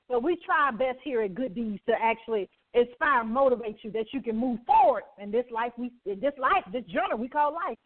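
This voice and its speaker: A woman with a Southern US accent hosting an inspirational radio show, exuberant and preacherly, tossing call-and-response questions to her listeners. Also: high-pitched. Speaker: radio host. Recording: tinny phone-like line.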